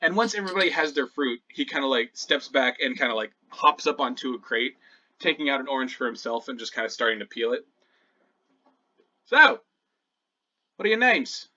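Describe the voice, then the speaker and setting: A man's voice: mid-range voice, fast, sharp tone, lo-fi sound. A man narrating as game master in a loose, casual way with many fillers.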